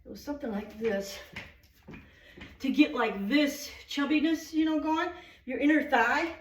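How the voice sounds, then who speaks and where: A woman with a somewhat high voice chats her way through a home video, loose and rambling, often pausing on ums. She sounds a little out of breath from exercise. The room around her is echoey. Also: recorded from a distance, slight background noise. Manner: chatty, rambling with many ums. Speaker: lifestyle vlogger. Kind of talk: casual home vlog. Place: at home, workout area then kitchen.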